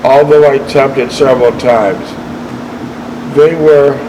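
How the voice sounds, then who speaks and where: On his show, a man works haltingly through a veteran's war memoir, stumbling, self-correcting and making short side comments. His medium-pitched voice has fairly even intonation, with background noise present.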